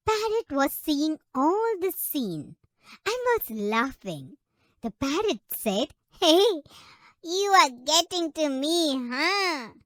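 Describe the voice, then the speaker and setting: A woman narrating a children's story in a slow, expressive, sing-song manner. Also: high voice, no room sound, studio quality.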